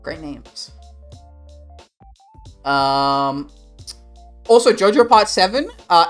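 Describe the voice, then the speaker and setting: A man's voice: high-pitched, expressive, takes it slowly, long pauses, a bit bright, faint music behind. A young Australian man chatting casually with his stream viewers, rambling and swearing in a laid-back way. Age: young adult. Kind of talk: casual livestream chat.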